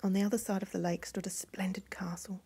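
A woman reading a fairy tale aloud in a hushed voice that often drops to a whisper. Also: mid-range voice, flat delivery, fast talker, slightly rough. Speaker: storyteller.

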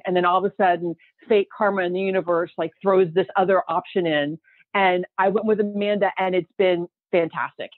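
A woman's voice: mid-range voice, no room sound. Bubbly woman on a tinny phone line. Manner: bubbly, excitable storyteller. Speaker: author guest. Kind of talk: casual interview chat.

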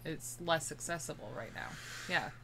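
A woman's voice: deep voice, moderate pace, very noisy. A woman co-hosting a music reaction video, answering with short dry remarks and teasing. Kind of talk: casual chat reacting to a song.

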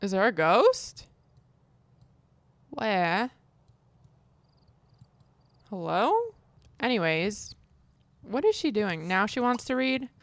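A woman's voice: medium pitch, animated, takes it slowly, pauses often, no room sound. A woman giving casual, chatty gameplay commentary as a streamer, exasperated and swearing lightly. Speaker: gaming streamer.

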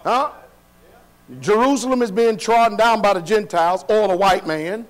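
A man's voice: high voice, normal speed. A man preaching a sermon in a church hall, colloquial and loose, firing questions at the congregation and laughing between points. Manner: call-and-response preaching, asks the congregation questions.

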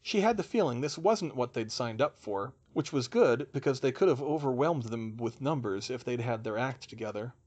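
Animated male audiobook narrator. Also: mid-range voice, moderate pace, few pauses, breathy edge. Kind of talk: storybook narration.

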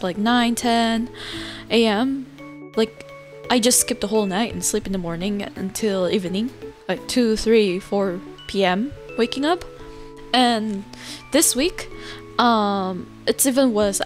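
A young woman chats to her stream audience in a slightly high voice, taking her time with each thought. She giggles often and swears casually as she rambles. Her voice is close on the mic, with faint music playing underneath. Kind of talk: casual live-stream chat. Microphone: close desk mic. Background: faint background music.

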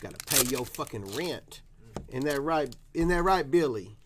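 A man's voice: medium pitch, animated, normal speed, background noise. A man from Tennessee, hosting a casual card-opening stream in a rowdy, profane, whooping way. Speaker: card breaker host. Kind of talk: casual live stream chat.

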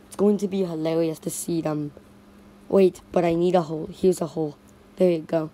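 A woman's voice: lowish voice, fairly even intonation, moderate pace, mellow. A woman narrating a playful toy stop-motion story in repetitive, sing-song toy voices.

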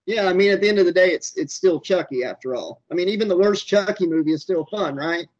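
A man's voice: high-pitched, fast, a little mellow, dull audio. A man co-hosting a jokey, riffing movie commentary track. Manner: jokey, playful. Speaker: co-host.

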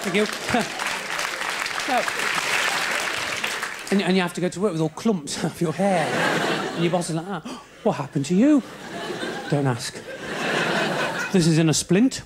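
A man with a British accent doing live stand-up comedy in a chatty, cheeky way, with quick mumbled asides. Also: high-pitched, a loud crowd, heavy background noise. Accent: British English. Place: large theatre stage. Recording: live theatre recording, loud audience laughter. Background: audience laughing.

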